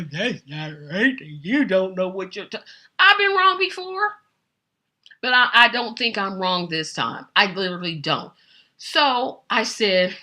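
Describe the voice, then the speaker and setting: A woman hosting an opinionated live-stream commentary, emphatic and animated, repeating phrases and addressing viewers directly. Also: mid-range voice. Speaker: political commentary host.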